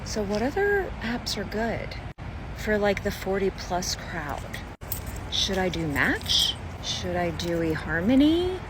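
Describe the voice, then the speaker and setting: A woman over forty fires off chatty questions with lively swings in pitch. She is recorded outdoors, with clear traffic noise behind her. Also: slow pace. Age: 40s. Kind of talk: casual social media question. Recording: noisy street with traffic.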